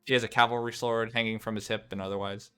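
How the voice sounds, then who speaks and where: A man narrating as game master for a tabletop game, wandering through his descriptions with many fillers and self-corrections. His voice sits low and sounds bright and smooth. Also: level tone, quick pace. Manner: rambling, many fillers and restarts.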